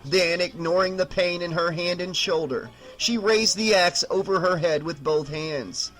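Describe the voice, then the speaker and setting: A man narrating a horror novel as an audiobook in a measured, dramatic reading. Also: sits high, a bit bright, faint music behind, poor audio.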